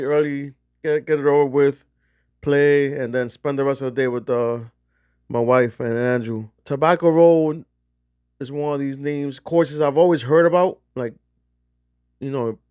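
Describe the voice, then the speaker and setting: A man's voice: medium pitch, darkish tone, clear, resonant tone, no echo, clean studio sound. A middle-aged man from New Jersey casually telling a rambling, profane golf trip story. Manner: rambling, profane, restarts often. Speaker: golf vlogger.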